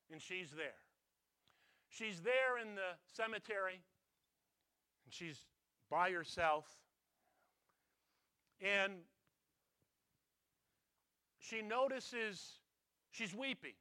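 A man preaching a sermon as a pastor, retelling a story with dramatic swings from loud to hushed. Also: sits high.

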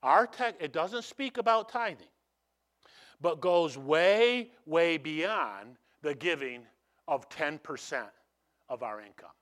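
A man preaching a sermon, telling stories with animated swings from hushed to loud and frequent restarts. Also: a little high, takes it slowly. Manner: repeats and restarts phrases. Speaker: pastor.

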